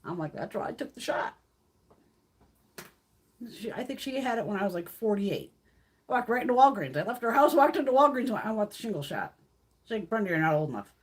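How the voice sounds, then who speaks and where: A woman in her fifties with a husky, fairly high voice that leaps all over in pitch. She chats on a casual livestream and rants bluntly with plenty of swearing, often slipping into quoted voices. The tone is loose and unscripted. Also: big pitch swings, fairly quick, long pauses. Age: 50s. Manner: blunt, profane and ranting, with frequent laughs; acts out others' lines in quoted voices. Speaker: beauty livestream host.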